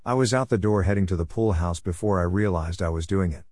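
A man reading a first-person story in a steady, even way. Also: deep voice, fast, no room sound, studio quality. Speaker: narrator.

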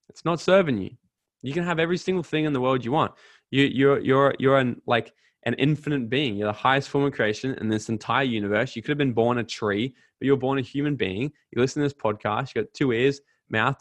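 A man in his twenties with an Australian accent, a podcast guest giving an emphatic, energetic motivational talk with casual swearing. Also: mid-range voice, no room sound. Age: 20s.

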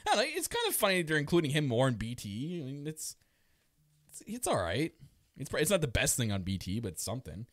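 Laughing, animated guy recapping wrestling. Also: mid-range voice, quick pace, no room sound, clean studio sound. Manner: laughs often, animated, acts out quotes. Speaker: podcast co-host. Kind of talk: casual wrestling recap chat.

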